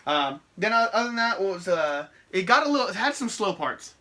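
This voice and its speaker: Fast-talking man, bright voice. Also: high voice, big pitch swings. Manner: easygoing, rambling, restarts a lot. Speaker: podcast co-host. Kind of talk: casual chat.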